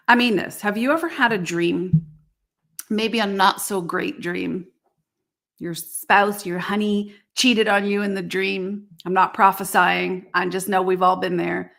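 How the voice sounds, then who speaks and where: A woman hosts a motivational business podcast. She talks in a folksy, animated way at a medium pitch and slips into quick acted-out voices to make her points. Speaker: podcast host and business coach.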